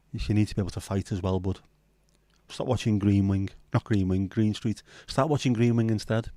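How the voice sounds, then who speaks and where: A man from northern England rambles through a casual livestream, full of sweary banter and jokes. His voice sits on the low side. The sound is dry, with no room echo. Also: steady tone, a little fast, mellow. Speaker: livestream host.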